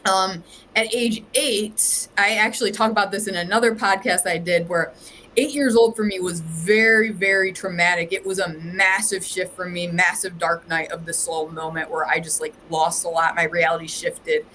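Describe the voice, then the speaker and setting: On poor audio with a bit of hiss or hum, an Ohio woman who works as a psychic medium chats as a podcast guest, rambling through her story and leaning heavily on "like." Her voice sits lowish, with fairly even intonation, a moderate pace, and a pushed, bright quality.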